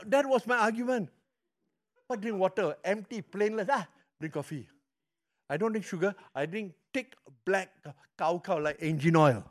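A middle-aged man with a Malaysian English accent, preaching a sermon with animated storytelling that swings from loud to hushed. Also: high-pitched, normal speed. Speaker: pastor.

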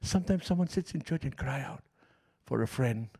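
A middle-aged man preaching a sermon as pastor, telling stories passionately and swinging from loud outbursts to hushed, quiet lines. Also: mid-range voice, expressive, fairly quick, breathy edge.

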